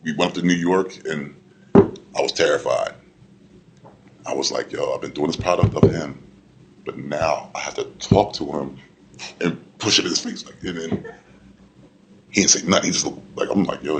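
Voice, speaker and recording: A man on a convention panel telling a story with excitement, laughing and acting out what people said. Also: sits low, fairly quick, long pauses, noisy background. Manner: excited, laughing, acts out quotes. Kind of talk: casual storytelling.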